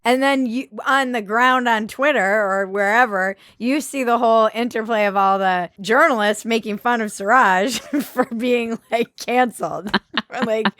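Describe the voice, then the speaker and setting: A woman's voice: on the high side, unhurried, fairly bright tone, no room sound, clean studio sound. A woman hosting a comedy podcast, talking casually with sarcasm and frequent laughter. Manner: sarcastic, laughs often, slips into mocking voices. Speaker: podcast host.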